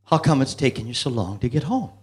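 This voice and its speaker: A man's voice: mid-range voice, big pitch swings, fast, lightly acted. A man voicing an impatient wife who questions her husband in a joke. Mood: questioning.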